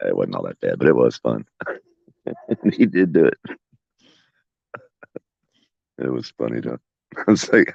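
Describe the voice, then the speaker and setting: Man, very low and gravelly, casual rambling porch vlogger, cussing storyteller; dry, slightly dull recording. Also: very animated, takes it slowly, long pauses, dry recording. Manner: profane, folksy, laughing storyteller. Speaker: vlogger talking to his viewers and pets. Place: outdoors on a home porch.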